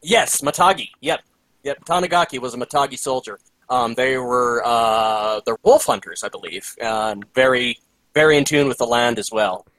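A man in casual chat, relaxed and retelling scenes with the odd swear word. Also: medium pitch, normal speed, poor audio. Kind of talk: casual chat about an anime.

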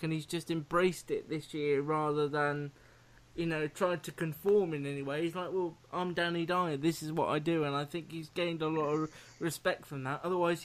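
Upbeat, higher-voiced male host. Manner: enthusiastic, jokey. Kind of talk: casual chat.

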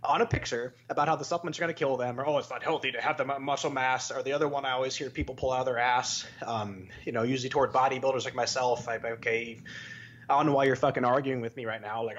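A man's voice: medium pitch, fairly even intonation, a bit bright, dull audio. A man co-hosting a casual podcast, ranting with lots of swearing and mocking impressions of other people. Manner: profane, fast ranting with mocking quoted voices. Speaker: podcast co-host.

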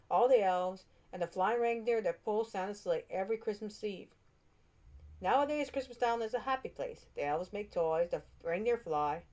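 Brief: woman reading a kids' storybook, expressive, a few stumbles. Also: medium pitch. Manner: expressive, with small slips and restarts. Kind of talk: children's storybook read-aloud.

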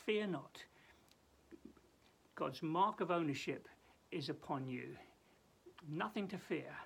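A man, a pastor giving a daily Bible devotional, who hesitates, often repeats words and drops to a soft hush. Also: a little high, expressive, slow, vocal fry, slightly rough.

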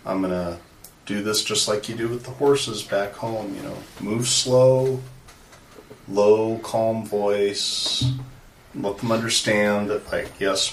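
Brief: man player, casual, slightly low voice, distant and roomy. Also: steady tone, slow, slight background noise. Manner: casual, explains plans. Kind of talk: tabletop game chat. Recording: echoey room, away from the mic.

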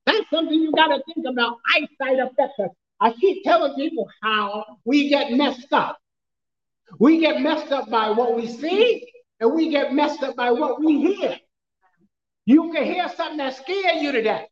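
A male pastor preaching a sermon, telling funny stories with frequent laughter and sometimes shouting questions at the congregation. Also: very high-pitched, normal speed, echoey room, lo-fi sound. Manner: storytelling, humorous, laughs often. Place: church.

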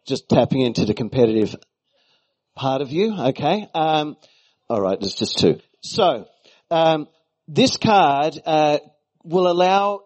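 A man's voice: medium pitch, darkish tone, low-quality recording. A middle-aged Australian man giving a sermon as a guest preacher, with playful, chatty asides to the congregation.

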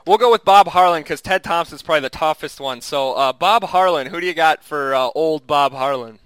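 A man's voice: fairly high pitch, fairly quick, fairly bright tone, clean tone, no room sound. A man co-hosting a casual podcast chat, rambling with restarts and chuckling often. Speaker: podcast co-host.

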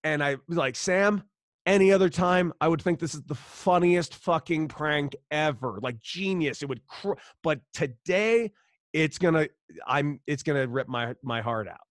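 A man's voice: fairly high pitch, a little slow, no room sound. A man in his thirties tells his story in a casual interview, voicing each person in it and swearing freely. His voice is dry and close, recorded with little room sound. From Los Angeles, United States. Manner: animated storyteller, acts out quoted dialogue, swears freely. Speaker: former pro baseball player, guest.

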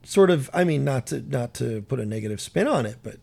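A man's voice: mid-range voice, animated, a little fast, gravelly, a little mellow. A man co-hosting a casual chat, telling stories and often searching for words. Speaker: podcast co-host.

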